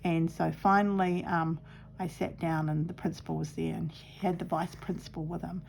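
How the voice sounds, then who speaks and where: A middle-aged woman, chatting and rambling through a childhood story as she sews, with lots of fillers and soft asides. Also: fairly low pitch, flat delivery, normal speed, vocal fry, slight background noise. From New Zealand. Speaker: craft vlogger. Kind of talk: casual storytelling while sewing.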